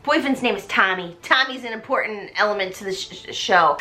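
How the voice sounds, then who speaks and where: A tipsy woman hosting a comedic musical recap, chatty and bubbly, jumping into quick character voices. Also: mid-range voice, bright, forceful tone, a little hiss or hum. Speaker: host.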